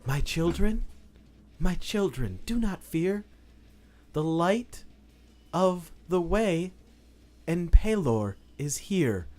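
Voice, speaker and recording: A man voicing a gentle, serene priestess who proclaims slowly and solemnly in a soothing tone. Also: low-pitched, pitched below the performer's own voice. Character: gentle, serene white-robed priestess, adult woman. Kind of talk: tabletop game narration.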